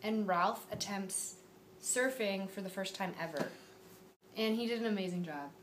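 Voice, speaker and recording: A woman's voice: medium pitch, normal speed. A woman co-hosting a vlog, chatting casually and reading viewer comments aloud. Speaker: vlog co-host. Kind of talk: casual chat. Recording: echoey room, camera at a distance, noisy.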